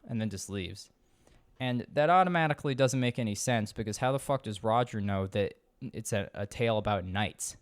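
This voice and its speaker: Male podcast host, low-pitched, dry close sound, swears casually and rambles through a sarcastic movie recap. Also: moderate pace, dry recording.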